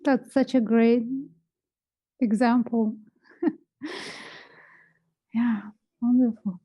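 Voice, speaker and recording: A woman with a Lithuanian accent guiding a self-inquiry session over a video call, calm and gently encouraging. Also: fairly high pitch, drawn-out words, highs cut off.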